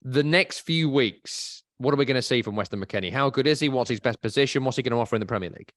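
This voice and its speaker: An Englishman hosting a podcast, chatting casually with quick, teasing banter. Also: mid-range voice, fairly bright tone, no echo, clean studio sound. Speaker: podcast host.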